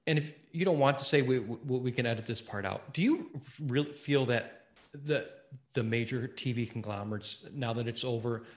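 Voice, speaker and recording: A man hosting a casual interview show, animated and apologetic, often stumbling over his phrasing. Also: mid-range voice, normal speed, echoey room. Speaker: podcast host.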